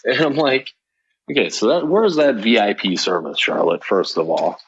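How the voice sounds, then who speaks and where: A man's voice: on the low side, normal speed, muffled recording, slight background noise. A man, a shop owner, casually telling a story on a podcast and acting out the dialogue. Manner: animated, acts out quoted dialogue.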